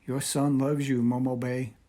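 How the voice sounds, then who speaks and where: A man voicing a gentle, loyal young boy soldier in a storybook reading, earnest and pleading. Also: medium pitch, expressive, moderate pace, slightly rough. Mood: grieving.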